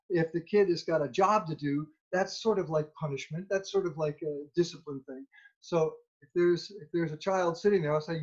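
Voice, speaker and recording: A man telling an animated anecdote as a children's musician, acting out the dialogue as he goes. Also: on the high side. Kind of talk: storytelling anecdote. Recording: dull lo-fi recording.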